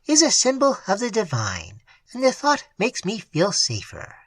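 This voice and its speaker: A narrator voicing a terrified middle-aged clergyman's wife who talks in shrill, frantic exclamations. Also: wildly swooping pitch, moderate pace, fairly bright tone, no echo. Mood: brave.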